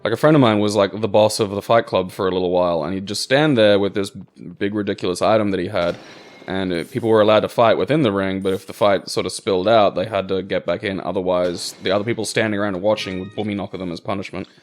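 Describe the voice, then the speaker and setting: A man's voice: on the low side, fairly even intonation, quick pace. A man chatting casually over gameplay, rambling with lots of filler words and swearing freely. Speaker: co-host.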